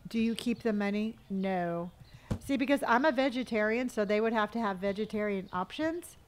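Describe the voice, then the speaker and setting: Casually chatting on her live game stream, a middle-aged Californian woman reads viewers' comments out loud and quietly talks herself through tasks. Her voice has a typical female pitch and a moderate pace, with slight background noise.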